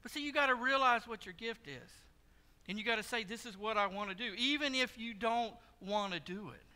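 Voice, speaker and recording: Man, pastor, storytelling sermon, very high voice, resonant, church reverb. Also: a little fast, pushed and bright, clean tone. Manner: storytelling, conversational and joking. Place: church sanctuary. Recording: long hall reverb.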